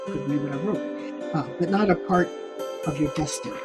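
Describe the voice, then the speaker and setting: A woman's voice: low-pitched, moderate pace, rough recording. Chatty woman psychic co-host over music. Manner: chatty, laughs easily, reads affirmations aloud. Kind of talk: casual live call-in chat. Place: home studio, seen on camera in hat and glasses.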